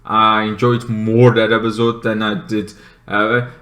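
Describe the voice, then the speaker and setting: A man casually reviewing TV episodes alone, rambling with many fillers and breaking into shrill, shouted impressions of the characters. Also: little pitch movement, a little slow.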